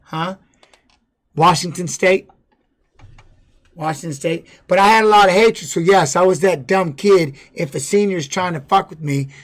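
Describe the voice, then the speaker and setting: A middle-aged man telling his life story casually on a livestream, blunt and profane, often restarting and adding "you know what I mean". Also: a little high. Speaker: former fighter streaming to viewers.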